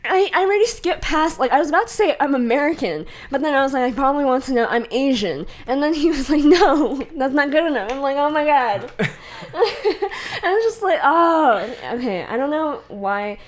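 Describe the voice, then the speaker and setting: A woman's voice: sits high, animated, fairly quick. A young woman co-hosting a podcast in casual chat, rambling with frequent laughs and acting out quoted exchanges. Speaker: podcast co-host.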